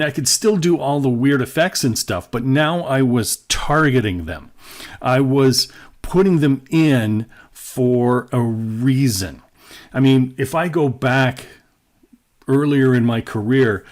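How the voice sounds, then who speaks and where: Guy teaching a radio production class, chatty plain explaining, medium pitch voice. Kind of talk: classroom lecture with examples.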